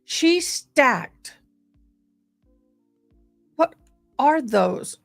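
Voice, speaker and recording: A woman's voice: medium pitch, unhurried, long pauses, soft background music. A woman chatting casually and affectionately as she hosts a live stream fundraiser, gushing over details while showing a game.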